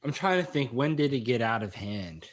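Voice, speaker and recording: A man co-hosting a podcast in relaxed, casual chat with laid-back slang. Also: mid-range voice, normal speed. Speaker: podcast co-host.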